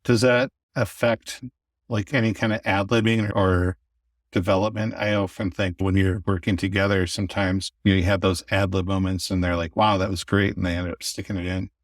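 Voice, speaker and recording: A man's voice: deep voice, level tone, moderate pace, no room sound, clean studio sound. A man hosting an interview, asking curious, conversational questions. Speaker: podcast host.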